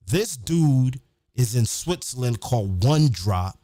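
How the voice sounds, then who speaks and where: A man hosting a podcast, telling stories in a casual, profane, animated way. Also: fairly high pitch, normal speed, long pauses, no room sound, clean studio sound. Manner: profane, animated, acts out quotes. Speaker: podcast host. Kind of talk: casual storytelling.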